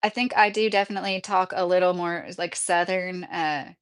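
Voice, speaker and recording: A woman's voice: lowish voice, steady tone, brisk, smooth. Chatty woman with a slight Midwestern accent. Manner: chatty, rambling, laughs often. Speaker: streamer answering viewer questions. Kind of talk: casual livestream chat.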